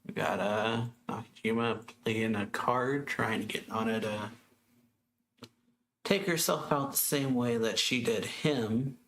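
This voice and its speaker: A man's voice: medium pitch, slow pace, a little hiss or hum. A man hosting a manga reaction channel, casually retelling a chapter with lots of fillers and little laughs. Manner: rambling, filler-heavy retelling with soft laughs.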